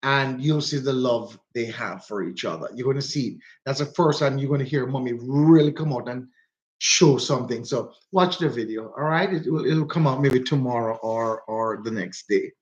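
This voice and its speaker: A man with a Jamaican accent chats casually to his viewers in a loose, rambling way, often saying things twice for emphasis. His voice sits at an ordinary pitch. The stream audio sounds dull and lo-fi. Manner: rambling, repeats himself for emphasis. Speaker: livestream host. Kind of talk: casual live chat to viewers.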